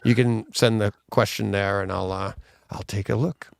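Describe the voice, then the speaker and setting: Gravelly man chatting casually on a podcast. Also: lowish voice, fairly even intonation, moderate pace, dry recording, clean studio sound. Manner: rambling, self-deprecating, laughs often. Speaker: podcast co-host. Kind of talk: casual live-stream chat.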